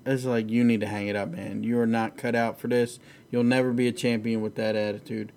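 A man's voice: on the low side, flat delivery, brisk, vocal fry, darkish tone. A man hosting a casual, profane chat about fights, rambling and laughing easily. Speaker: podcast host.

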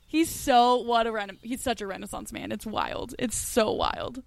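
An animated, chatty woman co-hosting a podcast, her voice sitting a little high. She tells stories with a laugh in her voice. The sound is dry and close, with no room echo. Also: moderate pace, gravelly. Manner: animated storytelling with frequent laughs. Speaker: podcast co-host. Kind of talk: casual chat.

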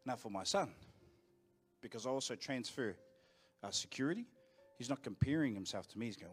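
New Zealand pastor, casual preaching. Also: male voice, medium pitch, expressive, husky, soft background music. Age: 40s. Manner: conversational and anecdotal, with quick asides to the congregation. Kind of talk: sermon. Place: church auditorium.

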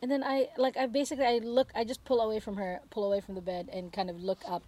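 A woman's voice: a little high, little pitch movement, fast, mellow. A young woman, co-hosting a casual podcast outdoors in her garden and telling chatty anecdotes with giggles. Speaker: podcast co-host. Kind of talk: casual chat.

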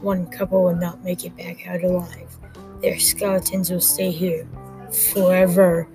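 A woman voicing a teenage boy speaking in a slow, flat, ominous trance, with music playing behind. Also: fairly low pitch, natural voice.

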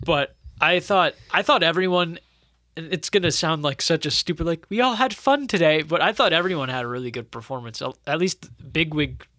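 Male co-host, bright voice, rambling comic reviewer, dry sound. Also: fairly high pitch, no room sound. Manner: rambling, jokey, acts out lines in quick voices. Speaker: podcast co-host. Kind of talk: casual movie review chat. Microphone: webcam setup.

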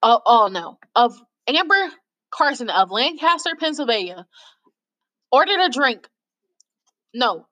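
Reading lawsuit stories aloud for a casual video, this woman sounds very animated, her fairly high voice pushed and bright. She speaks unhurriedly with long pauses, mocks the stories with exasperation, and occasionally trips over the words. The audio is poor.

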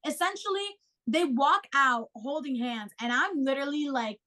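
A high-pitched young woman co-host tells a story at a normal speed in casual chat. She's animated, swears freely, and acts out the quotes.

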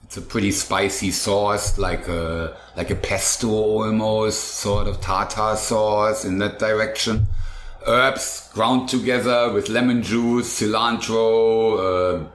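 An older man, a food truck owner and chef, rambles enthusiastically through his dishes step by step in a casual interview chat. His lowish voice is steady and slow, with slight background noise, and the recording has a roomy echo with faint ambience.

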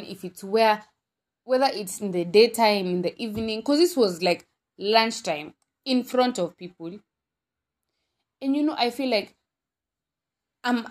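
A young woman with a Kenyan accent hosting her own podcast, talking candidly in a rambling, casual monologue full of fillers and self-corrections. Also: a little high. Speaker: podcast host.

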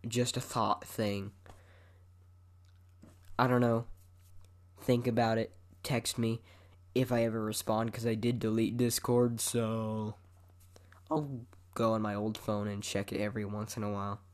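Hosting his own podcast, a young man rambles casually and swears often, his head moving about the microphone. His fairly low voice shows little pitch movement, and he talks a little slowly with long pauses.

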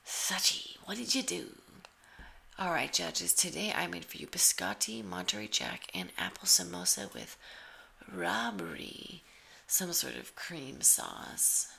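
A woman's voice: lowish voice, very animated, measured pace, vocal fry, sharp tone. A woman giving sarcastic, teasing play-by-play commentary over a cooking show. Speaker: comedic commentator.

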